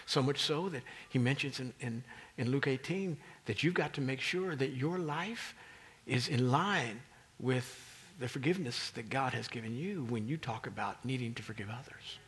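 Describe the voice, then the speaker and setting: A man's voice: medium pitch, normal speed, fairly bright tone. A male pastor preaching a sermon as a dramatic storyteller, often dropping into whispers for emphasis.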